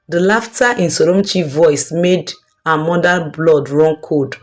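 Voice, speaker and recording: A woman narrating a folk tale in a deliberate, dramatic way. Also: low-pitched, soft background music. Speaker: storyteller.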